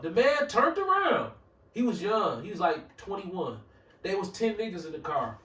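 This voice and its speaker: A man with a Milwaukee accent, with a notably high voice, spins an animated, profane story and acts out every character in it. His voice lands from a distance in a roomy, echoing space, which gives the talk a loose, live feel. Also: moderate pace. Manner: animated, profane, acts out quoted people, bursts into shouting. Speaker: show regular. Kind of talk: casual storytelling chat. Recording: roomy echo, mic far off.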